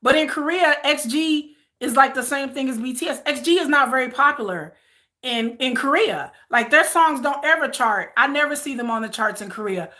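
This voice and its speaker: Bright-voiced woman chatting on a stream. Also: sits high, animated, moderate pace. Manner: rambling, repeats herself, reads out viewer comments. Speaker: vlogger. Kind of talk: casual livestream chat.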